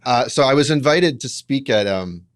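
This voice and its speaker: A man's voice: medium pitch, animated, moderate pace. A man co-hosting a podcast, talking in a wry, reflective, self-deprecating way. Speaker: podcast co-host. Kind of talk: casual conversational podcast talk.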